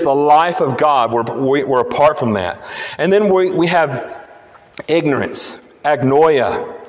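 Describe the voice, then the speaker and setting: A man preaches an earnest verse-by-verse sermon in a slightly high voice. He often restarts his phrases as he explains the text. His voice carries a long reverb from a church hall. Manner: earnest teaching, frequent restarts. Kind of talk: expository sermon.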